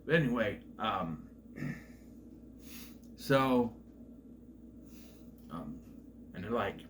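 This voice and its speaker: A man giving a casual, rambling recap of a film's plot, with restarts and asides, who sometimes acts out characters' lines in loud voices. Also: fairly low pitch, expressive, drawn-out words, slight background noise. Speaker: film reviewer.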